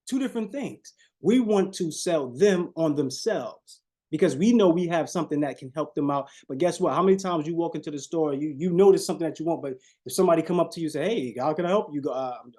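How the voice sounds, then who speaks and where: A man with leads a live sales coaching call, with a somewhat high voice and a dark, mellow tone. He preaches and repeats phrases, drops his voice low and slow for effect, and keeps turning to his listeners. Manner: preachy, repeats phrases, shifts tone on purpose, talks to audience as y'all.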